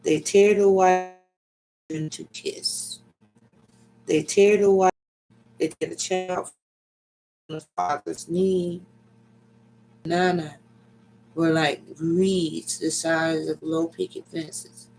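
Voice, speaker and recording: A man giving a slow, dramatic reading of an ancient myth, with deliberate pacing and sudden loud cries. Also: a little high, level tone, vocal fry, slight background noise, rough recording.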